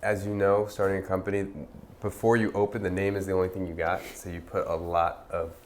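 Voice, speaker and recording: A man in his thirties, a restaurant founder, telling stories in a relaxed, chatty way full of fillers. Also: deep voice, brisk, a little hiss or hum. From United States. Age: 30s. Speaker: restaurant founder, podcast guest. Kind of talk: casual conversational storytelling.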